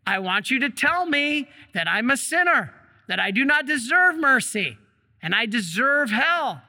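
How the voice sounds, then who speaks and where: A man voicing a humble male saint who insists that a friar call him a sinner, speaking higher and louder than his own voice. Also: very animated, a little slow, big-room sound, heavily acted. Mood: insistent. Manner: insistent, urgent. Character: pleading humble male saint, middle-aged.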